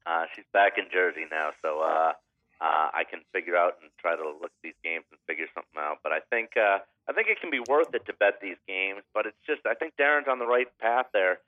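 A man's voice: low voice, expressive, a little fast, no echo. A man co-hosting a casual sports betting podcast, hesitant and full of fillers. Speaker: podcast co-host. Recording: phone-like line.

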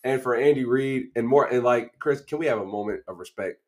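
A man from Kansas City co-hosting a sports podcast, talking in an animated, emotional way with long run-on stretches. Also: mid-range voice, brisk. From Kansas City, USA. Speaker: co-host, draft analyst. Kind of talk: casual sports podcast chat.

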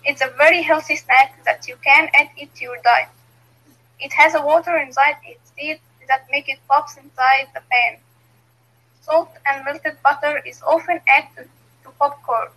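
A woman's voice: sits high, fairly even intonation, normal speed, bright, forceful tone, low-quality recording. A young woman from Egypt, a native Arabic speaker, answering in an online English lesson with hesitant fillers and grammar slips. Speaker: English learner.

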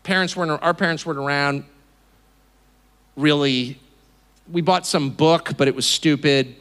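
A man's voice: on the high side, a little slow, fairly bright tone. A man in his fifties from California gives an indignant, mocking speech to a live audience, acting out the voices he quotes. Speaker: speaker. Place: auditorium.

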